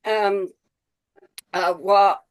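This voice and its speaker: A woman's voice: medium pitch, steady tone, very slow, clean tone. A woman on a group video call, gushing with praise, rambling with many fillers. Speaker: call participant.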